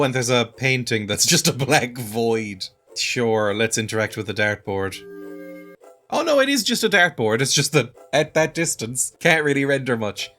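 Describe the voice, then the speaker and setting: A man's voice: mid-range voice, a bit bright. A young man giving dry, self-deprecating comedic commentary while playing a video game. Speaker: gaming video host. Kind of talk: comedic let's play commentary.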